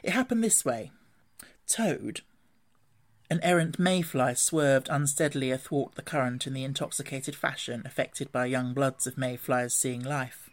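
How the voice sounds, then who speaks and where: A reader narrating a classic storybook in a measured, even way. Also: mid-range voice. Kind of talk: storybook reading.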